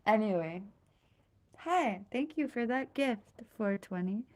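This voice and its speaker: A woman's voice: a little high, lively intonation, takes it slowly, darkish tone. A young woman streaming live, chatting casually with viewers. She rambles, laughs at herself often and stops to thank people for gifts. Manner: giggly, self-mocking, rambling.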